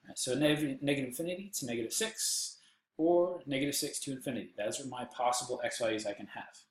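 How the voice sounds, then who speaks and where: A man's voice: medium pitch, fast talker, echoey room, rough recording. Joking man with a Texan accent teaching math. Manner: joking asides, playful silly voices. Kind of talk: recorded math lesson. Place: indoors, seated.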